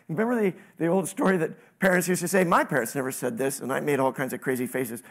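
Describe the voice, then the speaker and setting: A man with a high, light voice delivers a sermon. He preaches in an animated way, his voice jumping up and getting louder, and he keeps putting questions to the congregation. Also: quick pace, few pauses. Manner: animated preaching, sudden rises in pitch and volume, asks the congregation questions. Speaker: pastor.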